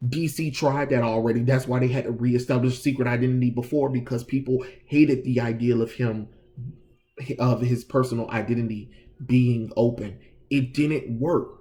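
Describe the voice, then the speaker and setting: A man ranting through a casual comic book review, sarcastic and fed up, with plenty of slang and stop-start restarts. His voice sits mid-range and sounds mellow and relaxed rather than bright. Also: medium pitch. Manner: exasperated, sarcastic, talks in loose restarts.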